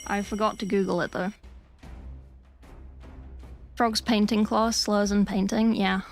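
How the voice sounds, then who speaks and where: A British woman talks casually through a livestream while she paints, answering chat with sweary, deadpan jokes. Her voice sits at an ordinary middle pitch. Soft music plays faintly behind her. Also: measured pace. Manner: chatty, sweary, deadpan joking asides.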